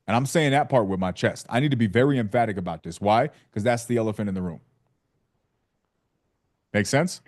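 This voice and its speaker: A man's voice: lowish voice, fairly quick, pauses often, a little mellow. A man coaching a live training session on sales calls, emphatic and playful, acting out what he says to sellers. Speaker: real estate sales coach.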